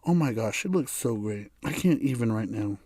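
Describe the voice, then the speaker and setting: A man's voice: on the low side, lively intonation, normal speed, warm tone, no room sound. A man hosting a solo podcast, talking candidly and bluntly, swearing freely and laughing often. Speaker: podcast host. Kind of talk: casual solo podcast monologue.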